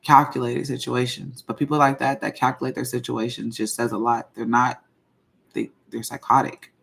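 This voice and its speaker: A woman hosting her own channel, talking in a casual livestream and venting slowly and deliberately, circling back to repeat her points. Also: rumbling low, little pitch movement, vocal fry, a bit bright, husky. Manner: slow, measured venting, repeats herself. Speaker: channel host.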